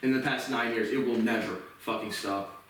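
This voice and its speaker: A man delivering an angry, profane vlog rant that bursts into shouting. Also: mid-range voice, steady tone, normal speed, distant mic, a little hiss or hum. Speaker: vlogger. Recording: very echoey room, voice off-mic.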